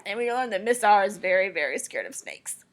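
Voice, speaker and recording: A woman teacher reading a picture book aloud to children, playful and animated, with dramatic gasps and hushed whispered questions. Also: medium pitch, fairly quick. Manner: drops to whispers when asking questions.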